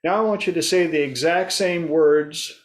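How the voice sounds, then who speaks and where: A man's voice: on the high side, normal speed. A man hosting a casual group discussion, telling stories and acting out his clients' voices. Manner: storytelling, acts out clients' voices. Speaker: host.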